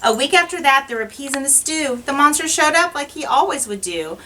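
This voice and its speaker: A woman teacher reading a rhyming children's picture book aloud in an expressive, sing-song way. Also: high voice, brisk, distant mic, slight background noise, low-quality recording.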